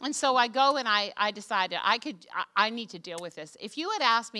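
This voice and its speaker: An older woman pastor from Canada preaches to her congregation, her voice bright and clear. She tells personal stories with lively, self-deprecating humor. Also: mid-range voice, normal speed. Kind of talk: sermon. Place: church stage before a congregation.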